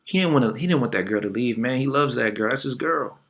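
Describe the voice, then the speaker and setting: A man's voice: mid-range voice, lively intonation, fast, a bit bright. A man coaching on dating in a casual, conversational way, full of fillers and little acted quotes. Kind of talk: casual advice talk.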